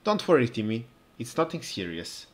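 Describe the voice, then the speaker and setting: A man's voice: medium pitch, sing-song, normal speed, noisy background, natural voice. Fussing, motherly cat owner for a game, voiced by a male reader. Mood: doting. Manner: doting, fussing.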